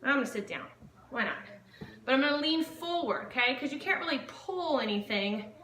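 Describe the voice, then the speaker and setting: A woman's voice: high-pitched, sing-song, fairly quick, fairly bright tone, reverberant, far from the mic, slight background noise. A woman fitness instructor leading a home workout, upbeat and counting reps aloud, a little out of breath as she exercises along. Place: home living room.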